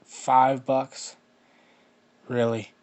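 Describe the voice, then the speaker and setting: A man doing a loud, taunting teenage bully. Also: mid-range voice, expressive, fairly quick, vocal fry. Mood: scornful. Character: loud bullying teenage boy, greedy and mean.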